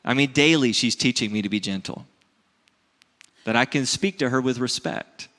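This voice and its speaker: A man's voice: mid-range voice, moderate pace, sharp tone, big-room sound. A man in his thirties preaching a sermon in an earnest, conversational way, often checking in with "right?". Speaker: pastor.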